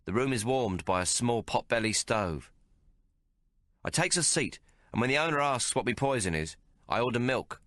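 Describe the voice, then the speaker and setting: Man narrating in rough colloquial speech. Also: mid-range voice, expressive, moderate pace, fairly bright tone, no room sound, studio quality. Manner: rough colloquial storytelling, dropped grammar. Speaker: audiobook narrator. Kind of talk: first-person audiobook narration.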